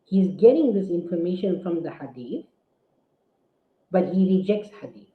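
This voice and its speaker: A man, an Islamic scholar, delivering a forceful, indignant rebuttal full of rhetorical questions. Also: sits high, sing-song, normal speed. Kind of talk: preaching rebuttal. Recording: tinny phone-like audio in an echoey room.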